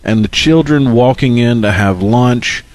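A man co-hosting a live radio broadcast, earnest and quick in bursts. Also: mid-range voice, no room sound. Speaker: radio co-host.

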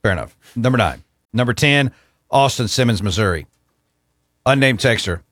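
A man's voice: medium pitch, animated, moderate pace, fairly bright tone, dry recording. Easygoing man hosting sports talk. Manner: easygoing, reads listener texts aloud. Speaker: sports talk show host. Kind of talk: casual sports chat.

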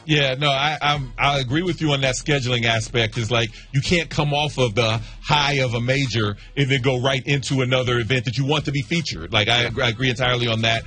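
A man co-hosting a sports radio show in casual talk, measured and agreeable as he thinks aloud. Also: mid-range voice, steady tone, pushed and bright, breathy edge.

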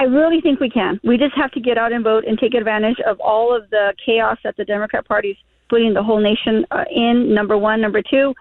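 A woman's voice: a little high, no room sound. A woman guest on a radio talk show, speaking emphatically and stumbling over her words. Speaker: political guest. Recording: tinny phone line.

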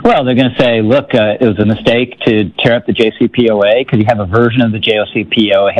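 A man's voice: on the low side, fairly even intonation, fast, no room sound, rough recording. A man giving political commentary on a talk radio show, wry and skeptical, often restarting his sentences.

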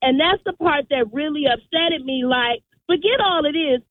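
A woman's voice: high voice, moderate pace. A woman calling in to a radio talk show, telling a story with acted-out voices. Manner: animated storyteller, acts out voices. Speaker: radio caller. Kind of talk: storytelling call-in. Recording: tinny phone line, dry.

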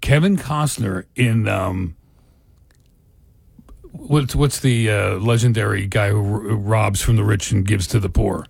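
A man's voice: on the low side, unhurried, creaky, a little mellow, breathy edge, no echo. A man hosting a casual chat, playful and joking as he swaps stories. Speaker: host.

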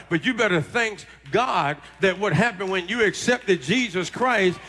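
High-voiced, shouting male preacher. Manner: impassioned preaching, frequent shouts and repetition. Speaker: pastor. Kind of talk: sermon.

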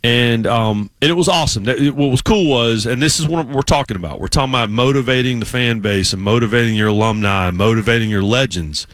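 Rambling middle-aged radio sports host. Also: male voice, mid-range voice, quick pace, few pauses, a bit bright, no room sound. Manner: rambling storyteller, many restarts. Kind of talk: casual sports radio chat.

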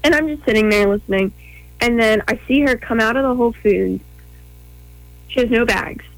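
A woman's voice: a little high, moderate pace, no room sound, rough recording. Earnest young woman, dry close sound. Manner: earnest, many ums and quoted thoughts. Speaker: interview guest. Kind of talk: personal story in an interview.

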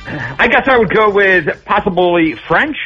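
A man's voice: high-pitched, big pitch swings, unhurried, sharp tone, highs cut off, faint music behind. A man calling in to a radio game show and hesitantly guessing answers. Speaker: caller contestant.

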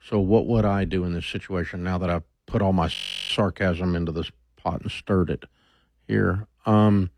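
Man, very deep voice, blunt casual advice talk, dry close sound. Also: steady tone, normal speed, darkish tone, no room sound. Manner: blunt, thinks aloud with restarts.

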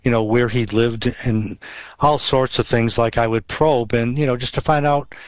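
A man's voice: medium pitch, steady tone, moderate pace, dry recording. A man telling a personal faith story in a rambling way, with many restarts and fillers. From Western New York. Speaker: guest sharing testimony. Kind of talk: storytelling testimony.

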